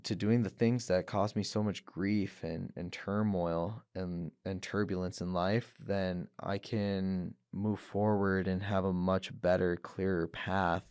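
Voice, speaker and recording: A man's voice: low voice, steady tone, takes it slowly, hardly any pauses, a little mellow, clear, resonant tone, no room sound, clean studio sound. A man, a professional fighter, speaks earnestly as a podcast guest and often repeats and restarts his words. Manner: earnest, repeats words, acts out voices when quoting people. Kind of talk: candid interview talk.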